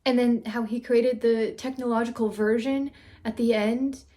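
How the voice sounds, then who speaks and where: A woman hosting a reaction video who reviews a TV episode in a casual, gushing, excitable way. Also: on the high side, moderate pace.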